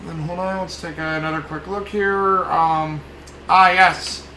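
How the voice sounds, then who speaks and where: A man's voice: a little high, fairly even intonation, unhurried, bright, forceful tone, reverberant, a little hiss or hum, poor audio. A man recapping a film casually at home, rambling with lots of fillers and restarts. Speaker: podcast host reviewing a film.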